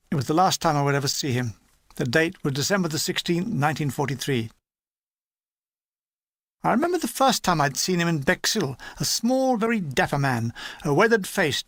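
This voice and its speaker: A man reading a war memoir aloud as an audiobook narrator, lively and animated, slipping into character voices. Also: on the high side, no echo. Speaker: audiobook reader.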